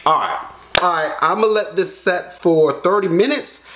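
Lively high-voiced man vlogging a face mask. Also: unhurried. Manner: animated, yelps and groans in pain, addresses viewers as y'all. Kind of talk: casual chat to camera.

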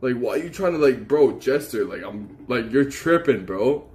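A man's voice: medium pitch, expressive, moderate pace, over a noisy crowd. A man live streaming, ranting in an agitated, profane, repetitive way. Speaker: IRL streamer. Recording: noisy live-stream audio.

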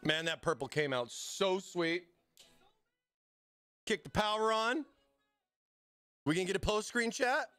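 A man hosting a casual livestream, excitable and hyped, talking straight to his chat. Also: high-pitched, slow pace, long pauses, smooth, no echo, faint music behind. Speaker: livestream host.

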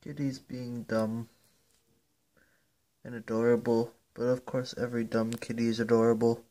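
A man's voice: medium pitch, little pitch movement, moderate pace, mellow. A man at home, filming and talking playfully to his kitten in a doting way. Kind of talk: casual talk to a pet. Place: at home, indoors.

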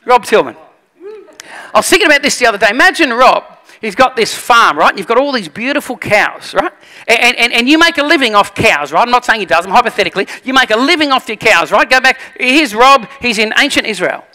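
High, bright-voiced pastor preaching. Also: male voice, brisk, in a large hall. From Australia. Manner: animated storytelling, acts out voices. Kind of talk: sermon.

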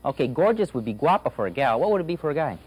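Animated husky male language teacher. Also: medium pitch, poor audio. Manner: enthusiastic, coaxing, repeats phrases slowly. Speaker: Spanish teacher. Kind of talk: informal language lesson.

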